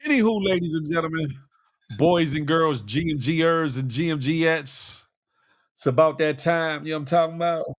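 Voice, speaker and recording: A man's voice: on the high side, moderate pace, dry recording, clean studio sound. A middle-aged man hosting a morning livestream, reading viewer comments aloud in casual, slangy banter, often laughing. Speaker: host of a morning livestream show.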